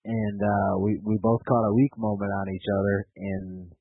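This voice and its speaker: A man calling in to a casual chat show, telling things in a laid-back, drawn-out way. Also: fairly low pitch, little pitch movement, breathy edge, no room sound. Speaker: caller. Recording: tinny phone-line audio.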